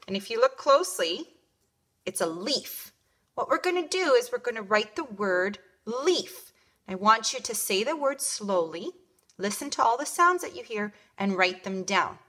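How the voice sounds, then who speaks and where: A woman kindergarten teacher giving a home lesson to young children, sounding out words slowly. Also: mid-range voice, a bit bright. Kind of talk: home learning video lesson.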